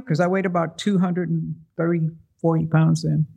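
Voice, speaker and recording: Gravelly man telling a personal story. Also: fairly high pitch, a little fast. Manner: animated, acts out quoted voices. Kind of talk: first-person storytelling to a live audience.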